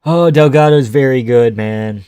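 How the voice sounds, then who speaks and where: A man's voice: mid-range voice, unhurried, dark tone, clean tone, dry recording. A young man hosting a casual live stream, laughing often and swearing easily as he reacts to the chat.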